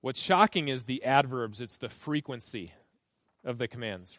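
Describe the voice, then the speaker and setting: A man's voice: mid-range voice, lively intonation, moderate pace, fairly bright tone, no room sound. A male pastor preaching a sermon, reading scripture aloud and stressing key phrases by repeating them.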